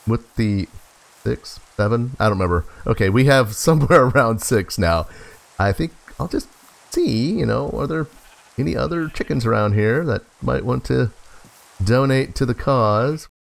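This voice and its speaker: A man's voice: medium pitch, normal speed, vocal fry. A man casually commenting on his game as he plays, chatting to in-game animals and laughing often. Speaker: gaming host. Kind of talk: casual let's play commentary.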